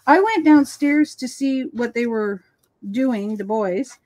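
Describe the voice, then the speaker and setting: A woman chatting casually on a live stream, telling animated stories and acting out the voices of people she quotes. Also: fairly high pitch, slow, no room sound. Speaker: co-host of a live crafting stream. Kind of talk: casual chat. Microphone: live stream call.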